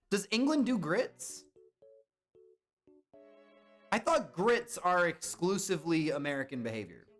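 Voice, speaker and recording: A young man talks to his live-stream chat in a casual, chatty way, tossing out guesses and answering viewers as he goes. His voice sits high and swings widely in pitch. Faint music plays underneath. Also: fairly bright tone.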